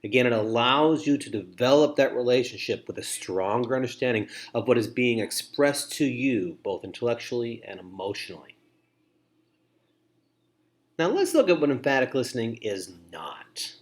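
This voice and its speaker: A man's voice: medium pitch, animated, normal speed. A man giving a training lecture on listening to foster parents, repeating key phrases and acting out example remarks.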